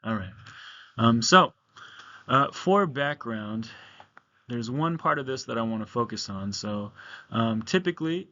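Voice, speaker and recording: A man's voice: medium pitch, lively intonation, a little slow, pauses often, sharp tone, dull audio. A male teacher giving a recorded video lesson to his class, talking casually with frequent ums and okays.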